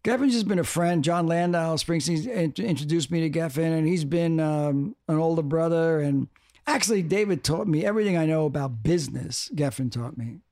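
Older man in casual interview, fairly high voice, halting with repeated words that speed into animated bursts. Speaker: music executive guest.

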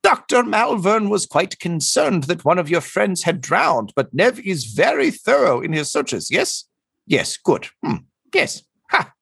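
A man's voice: sits high, big pitch swings, measured pace, gravelly, fairly bright tone, breathy edge, dry recording, studio quality, pitched above the performer's own voice, exaggerated voice. A man voicing a tall, spindly male bird-creature doctor who calls himself "this one" and hums "hmm" between phrases. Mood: pleased.

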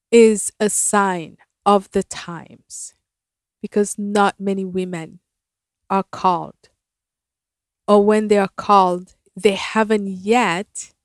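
A woman guest, a shaman and physician, speaking in a measured, affirming way. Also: mid-range voice, no echo, clean studio sound. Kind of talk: spiritual conversation.

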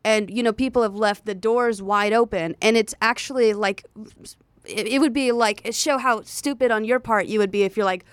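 Young female co-host, blunt and profane, clear higher voice, dry mic. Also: moderate pace, dry recording. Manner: blunt, swears freely, fillers. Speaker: podcast co-host. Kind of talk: casual chat.

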